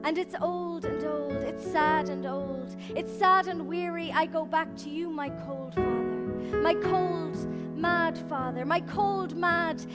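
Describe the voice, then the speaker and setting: A woman's voice: high voice, voice pushed up. A woman reading the voice of a weary aging river-woman flowing out to the sea, in a lilting, incantatory way. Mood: wistful, sorrowful. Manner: lilting, incantatory, drawn-out phrasing. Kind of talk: literary reading over music. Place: public library event. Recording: live reading with clear music behind.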